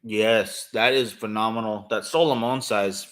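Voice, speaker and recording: A Californian man co-hosting a podcast chats casually, rambling on with lots of "um"s in an easygoing, eager way. His voice is on the low side and steady, a little slow, with a fairly bright tone.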